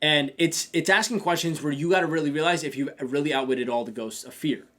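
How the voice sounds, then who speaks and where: A man hosts a casual business podcast at a quick clip, his voice sitting a little high for a man. He is energetic and speaks straight to his listeners. He slips into short acted-out snippets of his own thoughts. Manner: energetic, talks to listeners directly with frequent "man" and "check this out"; acts out his own inner dialogue in quoted asides. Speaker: podcast host and business coach.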